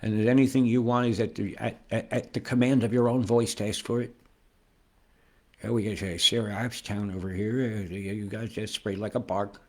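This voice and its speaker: Man, low gravelly voice; rambling conspiratorial vlogger pointing at a screen, swears freely. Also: steady tone, a little fast, darkish tone. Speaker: weather vlogger.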